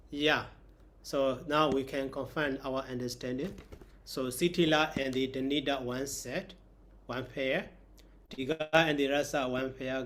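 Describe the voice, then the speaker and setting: A man, a monk teacher giving a grammar lesson and explaining it step by step. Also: mid-range voice.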